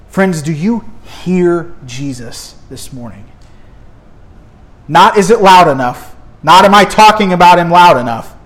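Emphatic preaching pastor, fairly high-pitched man. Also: expressive, unhurried, fairly bright tone. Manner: emphatic preaching with rhetorical questions and repetition. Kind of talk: sermon.

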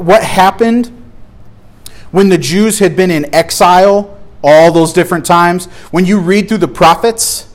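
Working through slides, a man leads a Bible study in an emphatic, conversational manner, often breaking off and starting phrases over. His voice runs on the high side.

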